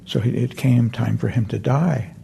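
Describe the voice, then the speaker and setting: Gravelly, gentle meditation teacher, a man. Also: medium pitch, moderate pace, a little hiss or hum. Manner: gentle, meandering, self-correcting. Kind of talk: dharma talk with a story. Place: meditation center hall.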